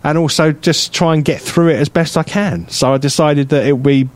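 This man, a radio co-host from England, has a slightly high voice with fairly even intonation and a brisk pace, and the recording has no room sound. In casual chat he tells a rambling anecdote, full of fillers, restarts and laughs.

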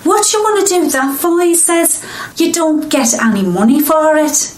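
A woman's voice: very high-pitched, normal speed, reverberant. A woman doing a scripted demo clip, faking a Liverpool accent that drifts between northern English regions. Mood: earnest. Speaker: dialect coach.

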